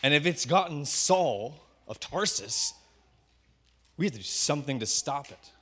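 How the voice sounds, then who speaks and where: A man's voice: on the high side, animated, measured pace, a bit bright, slightly rough, pitched below the performer's own voice, exaggerated voice. A man preaching, voicing a group of angry male townsmen who grumble and plot.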